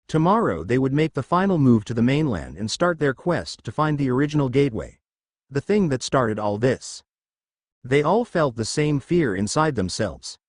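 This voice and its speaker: A man reads a story aloud in a mid-pitched voice that rises and falls a lot. The recording is close and dry, with no room sound around him. His delivery stays steady, like a storybook narration. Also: dry recording. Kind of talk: fan fiction reading.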